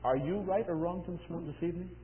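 A man preaching an evangelistic sermon, swinging between loud exclamations and hushed, low asides. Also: fast talker. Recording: tinny old phone-line sermon recording with long reverb.

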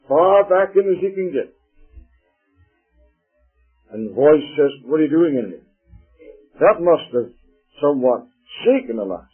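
Husky preacher man on tinny recording. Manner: dramatic swings of pitch and loudness, preacher's cadence. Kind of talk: sermon. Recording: tinny phone-like old sermon recording.

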